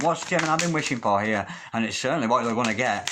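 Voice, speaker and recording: Earnest, halting male tarot reader. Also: lowish voice, background noise. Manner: earnest, halting, repeats words often. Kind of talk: spoken tarot reading to camera.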